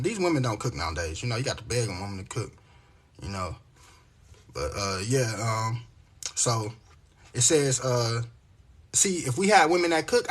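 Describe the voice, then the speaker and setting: A man's voice: medium pitch, a bit bright, husky. A man talking casually to his viewers, reading scripture aloud and preaching emphatically with lots of profane slang. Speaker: vlogger.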